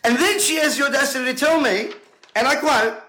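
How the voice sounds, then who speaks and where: High, bright-voiced indignant preacher man. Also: fairly quick, poor audio. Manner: emphatic, combative, rhetorical questions. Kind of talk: indignant monologue to camera.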